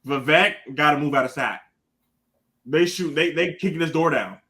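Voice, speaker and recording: Bright, high-voiced, animated man. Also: normal speed. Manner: animated storyteller, swears freely. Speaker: podcast panelist. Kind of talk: casual sports chat.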